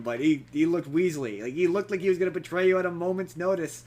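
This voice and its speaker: A young man casually reviewing a movie on a podcast, rambling and animated, acting out quotes in silly voices. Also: a little high, fast, hardly any pauses. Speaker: podcast co-host.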